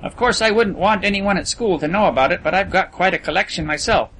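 A man's voice: high-pitched, fast talker, fairly bright tone, slight background noise, voice pushed up. A man voicing a boastful, scornful wealthy teenage boy in an audiobook reading. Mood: confiding. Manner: lofty, dismissive boasting.

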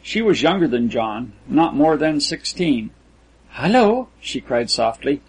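A man narrating a literary story in a measured, even storytelling delivery. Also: mid-range voice, slightly rough, poor audio. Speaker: audiobook narrator.

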